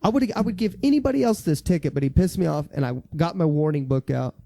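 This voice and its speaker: Male podcast host, gravelly and dark, swears freely while spinning casual patrol stories. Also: a little high, fast talker, no echo, clean studio sound. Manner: profane, animated anecdotes with "you see what I'm saying". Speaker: podcast host, former police officer. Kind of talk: casual conversational storytelling. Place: studio.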